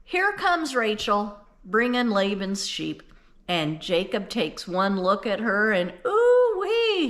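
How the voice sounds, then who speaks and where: A woman's voice: medium pitch, sing-song, slow pace, a bit bright. An older woman retelling a Bible story in a folksy, conversational way, then explaining its meaning earnestly. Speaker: Bible teacher.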